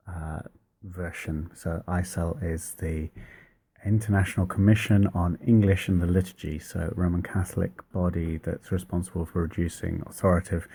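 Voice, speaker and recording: A man giving an informal spoken lesson on church chant, thoughtful and hesitant, pausing often to find his words. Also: low voice, creaky, warm tone, breathy edge. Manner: thoughtful, hesitant, many pauses and fillers. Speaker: church music teacher.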